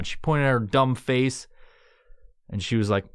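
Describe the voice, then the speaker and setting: Profane rambling podcast host, dry sound. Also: male voice, medium pitch, a little slow, long pauses, clean tone, no echo. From New York. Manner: profane, rambling, exaggerated put-on tough-guy tone. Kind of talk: solo podcast monologue. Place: podcast studio.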